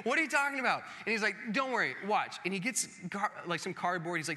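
A man in his thirties, a pastor telling a self-mocking story in a sermon, animated and acting out the voices of others. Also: high-pitched, brisk. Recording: long hall reverb.

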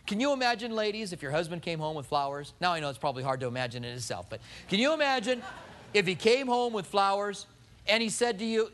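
Animated man preaching a lively sermon. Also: sits high, quick pace. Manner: animated preaching, rhetorical questions and acted-out quotes. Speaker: pastor.

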